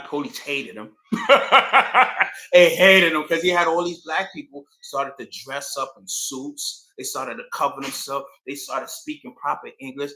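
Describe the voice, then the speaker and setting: A man hosting his own channel, telling history in a casual, slangy storytelling way and acting out quotes. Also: on the high side. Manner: slangy, animated, acts out quotes. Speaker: channel host. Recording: echoey room.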